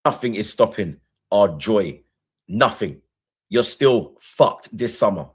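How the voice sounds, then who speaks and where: A man's voice: fairly low pitch, expressive, slow, husky. A man, co-hosting a reaction show, boasting defiantly about his football club. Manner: boastful, defiant trash talk. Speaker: reaction channel co-host. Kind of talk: casual football banter.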